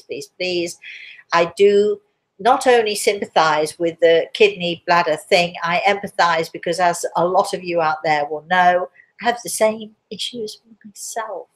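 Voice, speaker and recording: A hoarse woman with a cough, hosting a live spiritual Q&A, chatty and reassuring, calling listeners darling. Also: fairly low pitch. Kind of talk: live-stream chat answering viewers.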